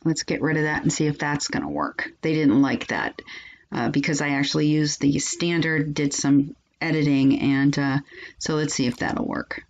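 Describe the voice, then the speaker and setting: A woman hosting a casual screen-recording software walkthrough, chatty with frequent ums and restarts. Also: low-pitched, normal speed, lo-fi sound. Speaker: software reviewer and channel host.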